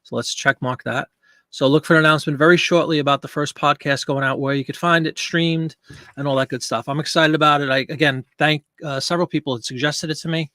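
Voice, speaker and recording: A man's voice: a little high, fairly even intonation, quick pace, pushed and bright, dry recording. A man hosting a casual live stream from a home studio, chatty and jokey, greeting viewers by name. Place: home studio with green screen. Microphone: desk microphone.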